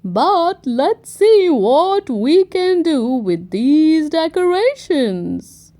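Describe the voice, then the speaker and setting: A woman's voice: high-pitched, big pitch swings, extremely slow, warm tone, full character voice. A woman reading aloud and voicing a jolly old grandfather pig in a hearty, playful way.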